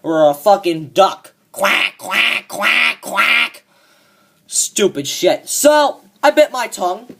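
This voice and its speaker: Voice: medium pitch, sing-song, unhurried, darkish tone. A fan performer voicing a cocky young man who rants smugly and swears a lot about a coworker, in a comedic monologue. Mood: ranting. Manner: ranting, profane and smug.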